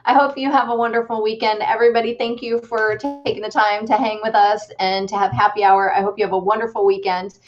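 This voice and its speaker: A woman's voice: medium pitch, fairly even intonation, a little fast, hardly any pauses, muffled recording. A woman hosting a casual livestream chat, upbeat and chatty, thinking aloud with fillers. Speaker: host.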